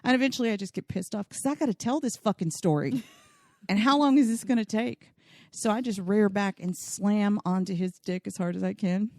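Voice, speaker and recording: A woman's voice: mid-range voice, fairly quick, mellow, no room sound, clean studio sound. A woman telling a bawdy comic story from her own life on a podcast, laughing often and acting out the voices she quotes.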